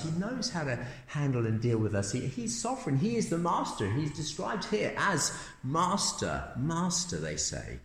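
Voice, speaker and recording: A man preaching a sermon as pastor, emphatic and animated, with sudden jumps in pitch. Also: measured pace. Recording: roomy church room echo.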